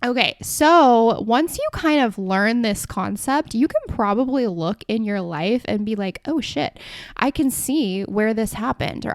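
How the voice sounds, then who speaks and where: Young woman, podcast host, casual chatty talk, lots of fillers, dry close recording, mid pitch. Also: dry recording. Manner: chatty, heavy use of "like" and restarts.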